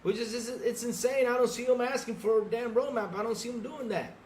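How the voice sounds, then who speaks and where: A man's voice: extremely high pitch, a little fast, darkish tone, a little hiss or hum. A man co-hosting a gaming podcast, ranting heatedly and exasperatedly at his audience with rhetorical questions. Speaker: podcast co-host. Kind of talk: ranting livestream podcast talk.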